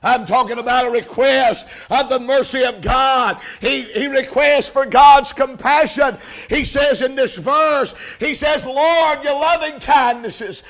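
Male revival preacher, very high voice, slow deliberate delivery, impassioned and shouting. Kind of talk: revival sermon.

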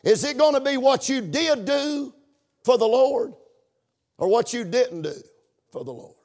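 A man with a very high voice delivers a sermon from scripture, lingering on single words for emphasis. He repeats his phrases and climbs into shouted declarations. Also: animated. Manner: slows down to stress single words. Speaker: pastor.

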